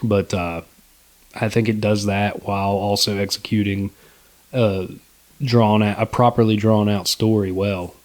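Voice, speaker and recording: A man's voice: on the low side, steady tone, unhurried, a little mellow. A young man co-hosting a casual movie review podcast, laid-back and rambling, with lots of fillers and swearing. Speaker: podcast co-host.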